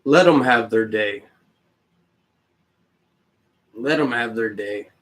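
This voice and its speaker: Slow-talking man ranting on a livestream. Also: mid-range voice, a bit bright. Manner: rambling, profane, ranting at chat. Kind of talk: casual livestream chat.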